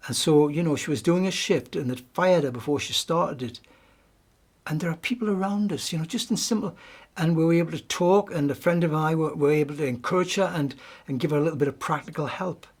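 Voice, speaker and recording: A middle-aged man with a Geordie accent giving a gentle, reflective devotional talk, often restarting his sentences. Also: fairly high pitch, fairly quick, breathy edge. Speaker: speaker giving a weekly message.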